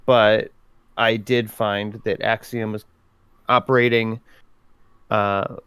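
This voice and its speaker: Slow, dry-sounding man playing in character. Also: fairly low pitch, flat delivery, a bit bright, clear, resonant tone, no room sound. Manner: halting, with frequent fillers and laughter. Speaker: player. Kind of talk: in-character tabletop role-play.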